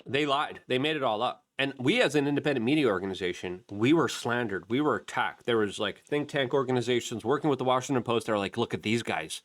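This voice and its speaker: A man's voice: medium pitch, fast talker, few pauses. A middle-aged man hosting an independent media channel, giving heated commentary and mocking the people he quotes. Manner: animated, mocking voices when quoting others. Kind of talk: commentary with a product plug.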